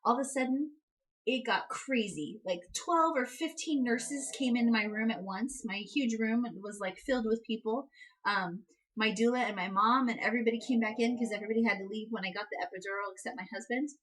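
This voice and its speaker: A woman's voice: fairly quick, a bit bright, rough recording. A young woman vlogger casually telling a personal story, full of "like" and "um" fillers. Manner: chatty, many "like" and "um" fillers, reenacts quotes with high outbursts. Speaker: vlogger, new mother.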